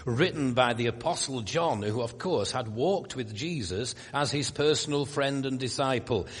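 A man's voice: medium pitch, slightly rough, long reverb tail. An older man from Yorkshire with a Yorkshire accent, preaching a sermon in a conversational way with wry asides and emphatic rises. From Yorkshire, England.

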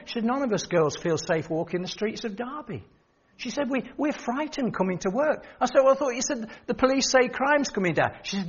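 A man's voice: high voice, big pitch swings, a little fast, breathy edge, muffled recording. An older man preaching an earnest, pleading sermon that rises to emphatic outbursts. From England.

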